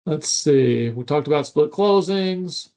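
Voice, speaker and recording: A man with a smooth, resonant voice and a slightly raised pitch runs a webinar question-and-answer session. He reads out each question, then explains the answer at length. His talk is full of ums and uhs. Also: animated, slow pace, dark tone. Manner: explains at length, with many filler "uh"s and "um"s. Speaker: webinar presenter.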